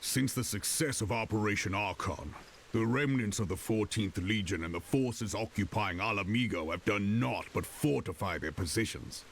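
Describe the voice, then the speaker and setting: Grave military leader, low and gravelly, formal game cutscene delivery. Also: male voice, normal speed.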